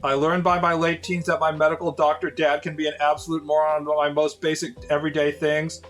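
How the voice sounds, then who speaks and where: A man's voice: fairly high pitch, level tone, fast talker, a bit bright, soft background music. A man in his late thirties, a streamer casually telling rambling, profane stories to his viewers with lots of fillers. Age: 30s.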